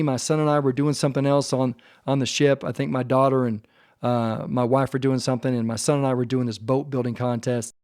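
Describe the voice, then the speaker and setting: A man hosting a podcast, talking earnestly and with deep feeling about his family and faith, at times choked up. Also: darkish tone, dry recording, studio quality. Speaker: podcast host. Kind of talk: heartfelt faith-based podcast monologue.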